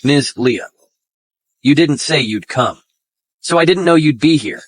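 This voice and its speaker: A man's voice: medium pitch, animated, a little slow, no echo. An actor playing a greedy young man who sneers at the poor and fawns on the rich, in an English drama dub. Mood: fawning.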